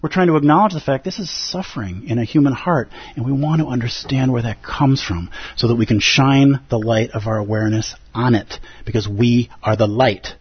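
A man teaching at a Zen center, giving an emphatic, animated dharma talk and acting out the inner voices of his listeners. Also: medium pitch, a little fast, few pauses, slightly rough, no room sound, highs cut off. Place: Zen center meditation hall.

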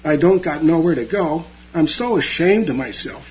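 A man's voice: fairly high pitch, lively intonation, moderate pace, close to an everyday voice. A man voicing a burly, drunken laborer who roars and bellows, in a muffled recording. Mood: sobbing. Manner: roaring, bellowing. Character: big burly drunk male laborer, belligerent.

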